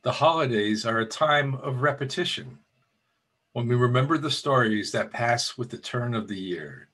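A man's voice: mid-range voice, lively intonation, normal speed, a bit bright. A man, the minister, telling a Christmas story during a church service and lightly voicing the characters.

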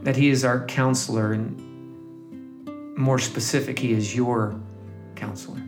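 A man with a mid-range voice reads scripture and reflects on it softly, lingering on single words. Plucked guitar plays clearly behind him. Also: mid-range voice, steady tone, unhurried. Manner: soft, gentle, lingering on words. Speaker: devotional leader. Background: guitar music.

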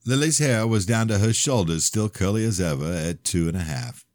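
A man narrates a first-person novel in a very deep voice that moves lively up and down. The reading is plainspoken and expressive, recorded dry on a close mic. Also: normal speed, no echo. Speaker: audiobook narrator.

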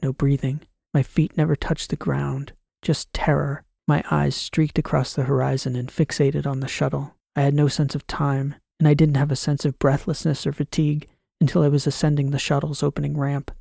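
A man narrating a science fiction audiobook in the first person, reading in a measured, dramatic way. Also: mid-range voice, gravelly, mellow, dry recording, studio quality.

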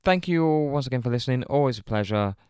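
A man's voice: mid-range voice, lively intonation, fast talker, darkish tone, smooth, no room sound, studio quality. A man from England co-hosting a podcast in laid-back casual chat. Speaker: podcast co-host.

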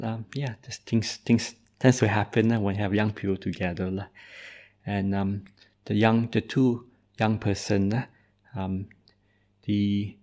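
A Buddhist monk telling a story in a dharma talk, speaking hesitantly and tagging nearly every phrase with "eh". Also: male voice, on the low side, vocal fry, darkish tone.

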